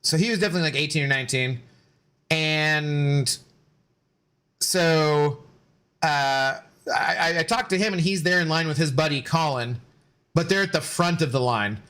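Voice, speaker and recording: A man's voice: on the high side, normal speed, long pauses, pushed and bright. A man in his forties streaming a game and rambling through stories in casual chat, loose with fillers and swearing.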